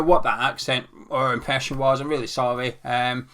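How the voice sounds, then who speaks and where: A man's voice: medium pitch, flat delivery, normal speed, fairly bright tone. A young man hosting a casual football fan show, playful and self-mocking as he talks through club news. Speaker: fan channel host.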